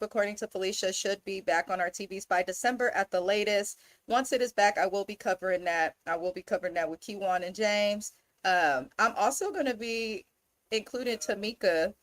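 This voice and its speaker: A woman's voice: mid-range voice, fairly bright tone. A woman from the Bay Area, hosting a casual reality TV recap in a blunt, exasperated way. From Bay Area, California. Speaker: host.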